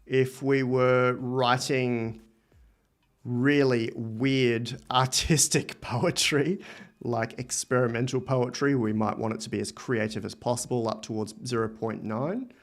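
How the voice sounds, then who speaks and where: A man with an Australian accent hosting a live software demo, thinking aloud with enthusiasm as he types and explains. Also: mid-range voice, fairly even intonation, unhurried. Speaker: livestream host.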